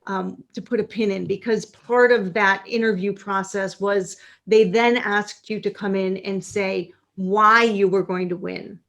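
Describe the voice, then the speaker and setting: A woman's voice: medium pitch, steady tone, unhurried, vocal fry, hardly any pauses, a bit bright. A woman from upstate New York hosting a podcast interview, chatting casually and reading passages aloud. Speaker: podcast host.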